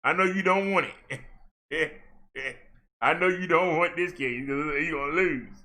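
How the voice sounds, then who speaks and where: Blunt, bright-voiced man talking casually. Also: on the high side. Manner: blunt, talkative, quick apologies. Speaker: livestream minister. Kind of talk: casual commentary over played clips.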